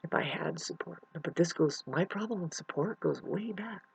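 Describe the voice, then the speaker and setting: A vlogger talking in a rambling, unscripted monologue, full of restarts, swinging between mumbling and loud outbursts into a computer mic. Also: medium pitch, lively intonation, moderate pace, vocal fry, slightly rough.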